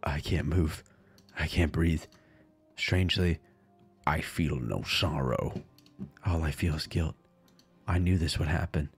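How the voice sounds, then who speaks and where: A man's voice: extremely low pitch, slow pace, long pauses, faint music behind. A man streaming a visual novel, reading it aloud dramatically and breaking into crude, jokey asides.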